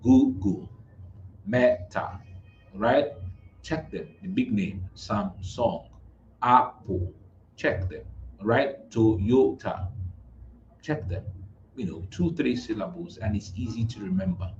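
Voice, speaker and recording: A man's voice: lowish voice, animated, slow pace, long pauses, a little mellow. A Nigerian man coaching on marketing, emphatic and repetitive, often checking in with "right?" as he explains. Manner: emphatic, repeats words, frequent "right?" tag questions. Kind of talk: motivational business talk. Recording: echoey, dull lo-fi room sound with faint noise.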